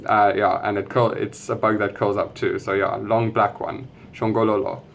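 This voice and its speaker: A young man with a white South African English accent, chatting casually through an accent tag video in a relaxed, rambling way with lots of fillers. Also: lowish voice, normal speed, creaky. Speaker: vlogger.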